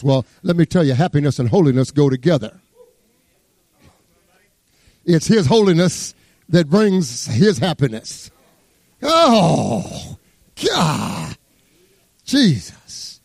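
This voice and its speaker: A man preaching a sermon as pastor, fervent, swinging between loud exclamations and hushed asides as he reads scripture. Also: mid-range voice, no echo. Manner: exclaims praise words, reads scripture aloud.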